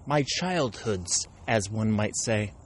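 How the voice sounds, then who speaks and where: A man's voice: fairly low pitch, animated, takes it slowly, a little hiss or hum. A man in his thirties, a stand-up comedian hosting his podcast, rambling through a comic monologue in a self-described aggressive tone, often correcting himself. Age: 30s.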